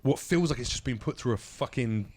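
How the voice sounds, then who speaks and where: A man who is a comedian guesting on a podcast, telling stories in animated casual chat and swearing freely. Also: medium pitch, a little fast.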